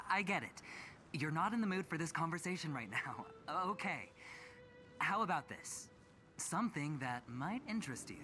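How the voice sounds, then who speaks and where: A man's voice: a little high, bright, forceful tone. An actor playing a smug, teasing young male corporate gambler in a game. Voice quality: teasing, self-assured.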